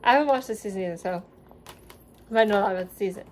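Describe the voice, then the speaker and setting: Speaking very fast in a darkish, medium-pitched voice, a young woman reviews a TV series in a chatty home vlog, her dog beside her. There's a faint hiss or hum. Her rambling is thick with ums and likes, and she grew up in the US South, having moved there from Seattle at five.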